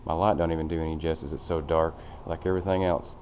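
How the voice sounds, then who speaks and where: A man's voice: very deep voice, flat delivery, fast, a little mellow, muffled recording, a little hiss or hum. A man giving a casual, rambling walkthrough of a large empty old factory, recorded on a handheld camera. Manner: rambling, plainspoken, with fillers. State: out of breath. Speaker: vlogger touring a building.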